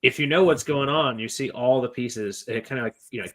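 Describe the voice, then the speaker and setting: A man co-hosting a casual podcast, rambling through a book discussion with plenty of "like" and "you know". His voice sits at an ordinary pitch, and he drops in crude jokes as he goes. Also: brisk. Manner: rambling, filler-heavy, joking. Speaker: podcast co-host.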